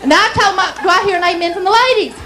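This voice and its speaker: High-voiced Southern woman doing stand-up. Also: fast, pushed and bright, slight background noise, low-quality recording. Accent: Southern US, Alabama. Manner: folksy storytelling, acts out dialogue. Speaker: stand-up comedian. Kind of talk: stand-up comedy set. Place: comedy club stage.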